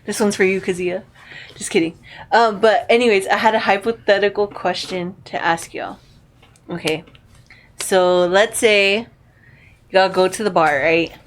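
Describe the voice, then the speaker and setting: A woman's voice: mid-range voice, fairly even intonation, measured pace, long pauses, slight background noise. Laughing woman podcast host. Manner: laughs often, poses hypothetical questions. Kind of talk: casual chat.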